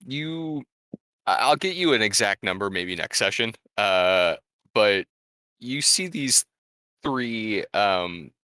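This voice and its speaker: A man narrating as game master of a tabletop game, slow and full of ums. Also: lowish voice, bright, forceful tone, no echo.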